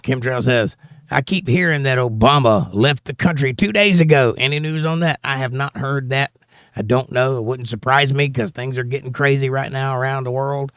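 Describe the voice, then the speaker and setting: A man with a Southern accent hosts a casual political livestream, reading viewer comments aloud and adding wry, joking asides. His medium-pitched voice moves at a moderate pace and sounds a bit bright, clear and resonant. The recording is dry and studio quality.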